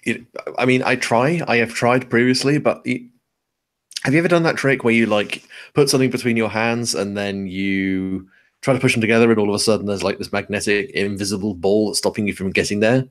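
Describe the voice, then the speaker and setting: A man's voice: fairly low pitch, brisk. A man in casual podcast chat, easygoing and self-deprecating.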